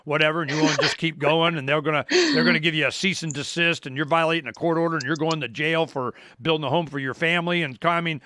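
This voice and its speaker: A man's voice: a little high, fast talker, few pauses, pushed and bright. A man hosting a talk show, speaking in an emphatic, rambling way with frequent restarts. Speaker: radio talk show host. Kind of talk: casual talk-radio conversation.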